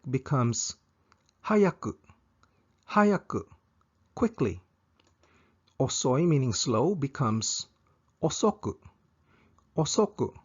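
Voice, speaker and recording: A man teaching a language lesson, saying each example slowly and repeating it twice. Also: mid-range voice, creaky, a little mellow, slightly rough, muffled recording.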